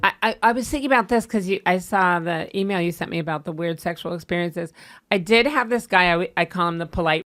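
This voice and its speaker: A woman's voice: lowish voice, fast talker, fairly bright tone, faint music behind. A woman on a podcast telling a frank dating story in a chatty, self-deprecating way, acting out what people said. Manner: chatty, self-deprecating, laughing, acts out quotes. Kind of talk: casual chat.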